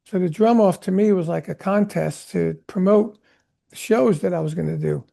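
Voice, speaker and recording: Older male guest storyteller, gravelly and dark, lively rambling anecdotes. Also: high voice, moderate pace. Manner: animated rambling anecdotes, acts out quotes. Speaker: guest drummer. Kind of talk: storytelling interview chat.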